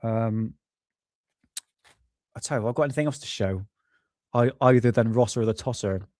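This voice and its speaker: A man chats loosely on his live stream, rambling, apologizing often and dropping casual swears. His voice sits at a middling pitch, and the sound is dry and close with no room echo. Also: moderate pace, darkish tone. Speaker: livestream host.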